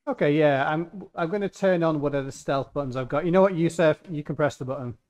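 A man's voice: on the high side, fast talker, a little mellow. A man taking part in a tabletop role-playing game. He rambles and jokes while working out what his character would do, thinking aloud. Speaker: player. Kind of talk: casual tabletop play.

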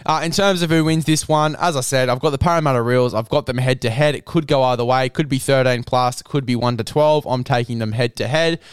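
A man's voice: mid-range voice, fast, few pauses, clean tone, no room sound. An Australian man hosting a casual rugby league tipping chat, blokey and matey. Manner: matey, blokey, says mate a lot.

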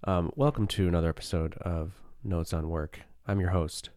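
Low, groggy morning-voiced man. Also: steady tone, moderate pace, a little mellow, no echo, clean studio sound. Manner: rambling, self-deprecating, thinking aloud. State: has a cold. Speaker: podcast host. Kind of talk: casual solo podcast musing.

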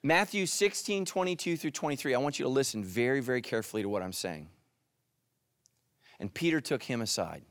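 A middle-aged male pastor preaching a sermon, animated, dropping into soft intense asides. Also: brisk, dry recording. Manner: animated, voices quoted characters with jumps in pitch.

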